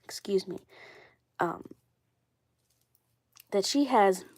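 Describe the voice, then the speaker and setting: A woman's voice: mid-range voice, drawn-out words, a little mellow, dry recording. A woman with a cold, sounding congested, chatting casually on a live stream and rambling with lots of fillers and repeats. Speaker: doll collector vlogger.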